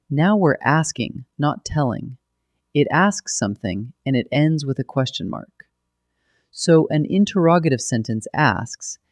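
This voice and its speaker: Male narrator for a scripted school lesson; patient, clear explainer, recorded dry. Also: medium pitch, no room sound. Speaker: grammar teacher.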